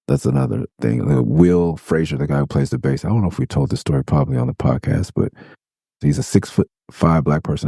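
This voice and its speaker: Middle-aged west coast dude ranting on his podcast, dark rough voice, lots of swearing. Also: deep voice, no room sound, clean studio sound. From California. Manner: profane, animated, heated. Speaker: podcast host. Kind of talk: casual storytelling monologue.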